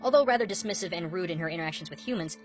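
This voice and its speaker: A woman's voice: lowish voice, animated, racing. A woman hosting a scripted video, narrating in an upbeat, playful way, with music behind her. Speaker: video host.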